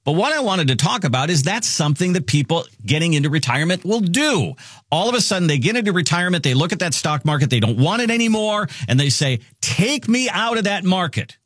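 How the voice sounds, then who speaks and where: Man, finance radio host, lively pitch, upbeat, salesy, dry sound. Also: fast talker, no room sound. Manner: upbeat, salesy, repeats key phrases. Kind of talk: radio talk show with promos.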